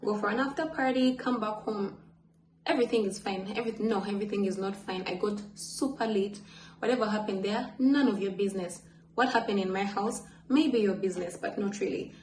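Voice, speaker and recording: A woman's voice: medium pitch, fairly quick, a little mellow, reverberant, slight background noise, rough recording. A woman telling a candid storytime on her vlog at home, chatty and swearing, jumping between asides. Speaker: vlogger. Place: home apartment.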